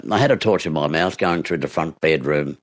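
A man's voice: a bass voice, fairly quick. An Australian man, an interview guest and actor, telling stories from his past in a reflective way, acting out voices and laughing along. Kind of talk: reflective storytelling.

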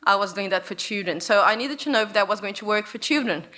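A woman from Brazil tells stories about her research to a live audience. Her voice is bright and clear. She talks in a playful, animated way and acts out little voices along the way. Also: mid-range voice, quick pace. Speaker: researcher and speaker. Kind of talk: storytelling talk to an audience.

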